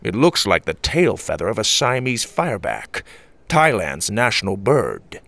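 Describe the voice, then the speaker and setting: A man voicing a wise older grandfather in a storybook reading, speaking slowly and deliberately. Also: lowish voice, wildly swooping pitch, gravelly, a bit bright, no echo, heavily acted. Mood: grave. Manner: slow, deliberate speech.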